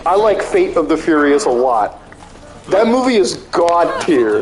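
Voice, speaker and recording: Man, high voice, streamer, casual gaming chat, swears a lot, animated rants. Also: measured pace. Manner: profane, animated ranting.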